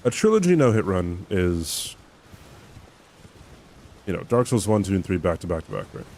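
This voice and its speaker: Low-voiced young man streamer, rambling. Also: very animated, moderate pace, a little mellow, slight background noise. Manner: rambling, self-mocking, laughs often. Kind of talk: casual chat while gaming.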